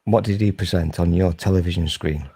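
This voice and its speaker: A man in his forties holds court in a low, mellow voice. He rambles from story to story with sweary, mischievous humour, the way you talk to friends on the sofa. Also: a little fast, husky. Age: 40s. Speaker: host. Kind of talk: casual chat.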